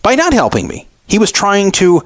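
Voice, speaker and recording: A man's voice: sits high, huge pitch swings, normal speed, no room sound. A middle-aged man hosting a radio show, recounting a frustrating store encounter in an aggrieved storytelling monologue. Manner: aggrieved, re-enacting arguments.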